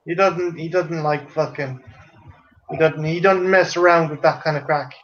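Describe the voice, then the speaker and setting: A man's voice: fairly high pitch, fairly even intonation, moderate pace, muffled recording. A man in a late-night casual group chat, rambling and riffing profane bits.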